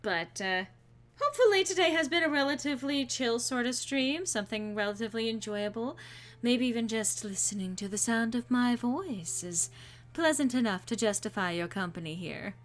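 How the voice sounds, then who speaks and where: A woman's voice: on the high side, animated, normal speed. A woman streaming a game and chatting casually with a co-host and viewers, playful and full of fillers.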